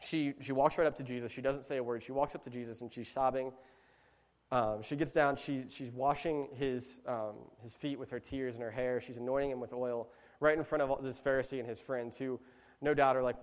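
Man, lay preacher, casual sermon, relaxed storytelling, mid-range voice, long hall echo. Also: mid-range voice, fairly quick. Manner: relaxed, storytelling, self-correcting. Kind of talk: conversational sermon.

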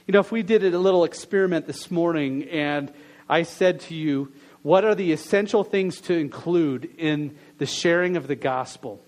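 A man's voice: fairly high pitch, normal speed. A man preaching a sermon, opening with a prayer, then asking the congregation a string of questions. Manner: earnest, questioning, drops softer in prayer. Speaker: pastor.

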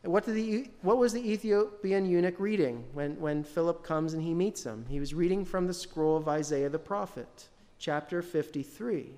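A man's voice: on the high side, normal speed, few pauses, warm tone. A man giving a sermon as pastor, talking in a conversational way and putting questions to the congregation. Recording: long hall reverb.

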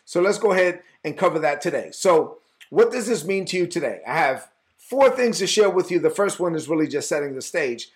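A man preaching a casual Bible teaching, talking to listeners in a conversational, animated way and acting out the people in the story. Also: a little high, fairly quick. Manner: conversational, animated, acts out dialogue.

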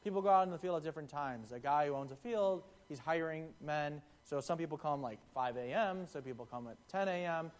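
Young male preacher, slightly higher voice, relaxed chatty sermon delivery. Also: fairly quick, hardly any pauses. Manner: conversational, acts out quotes in the parable. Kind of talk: casual sermon.

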